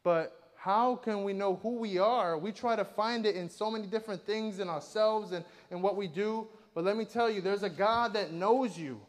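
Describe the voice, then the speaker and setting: High-voiced man preaching in a reverberant hall. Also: moderate pace, hardly any pauses. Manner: earnest, conversational retelling with filler words. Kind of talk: sermon.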